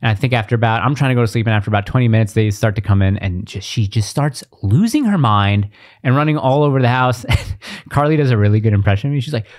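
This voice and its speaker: A man in his thirties co-hosting a podcast, chatting casually and telling animated stories with put-on shouting voices. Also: mid-range voice, fast talker. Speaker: podcast co-host. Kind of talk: casual chat.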